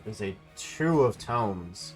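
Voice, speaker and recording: Male game master for a streamed tabletop game, relaxed narration, faint background music. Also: on the low side, slow.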